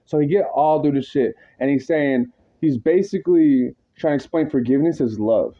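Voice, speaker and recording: A man's voice: a little high, moderate pace, warm tone. A man ranting agitatedly in a rambling, profane monologue full of slang, his words tumbling into restarts. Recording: dull lo-fi audio.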